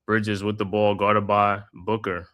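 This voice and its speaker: On a live watch-party stream, the host keeps up a steady play-by-play of the game, sprinkled with laid-back slang. He speaks a little slowly in a fairly low voice.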